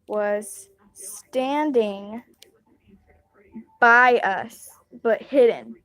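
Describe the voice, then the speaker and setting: A woman's voice: fairly high pitch, slow pace, fairly bright tone. A young woman casually telling a personal story, rambling and acting out what others said. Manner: rambling, retelling dialogue with quoted voices.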